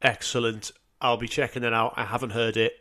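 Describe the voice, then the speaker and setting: A man co-hosting a music podcast, chatting casually, animated and sweary, laughing easily. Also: medium pitch, fairly quick. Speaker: podcast co-host.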